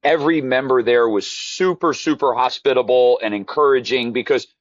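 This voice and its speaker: A man speaking as a guest in a relaxed interview, telling an emotional story that rambles and restarts. His voice is low-pitched and close on the mic, with a dull, lo-fi, dry sound. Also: normal speed, no room sound. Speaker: golf instructor guest. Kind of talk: casual interview chat.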